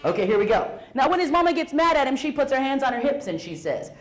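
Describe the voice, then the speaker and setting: A woman's voice: high voice, very animated, fast, few pauses. A middle-aged woman storyteller speaking playfully and animatedly to an audience of schoolchildren in a school hall. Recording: roomy echo, faint hall noise.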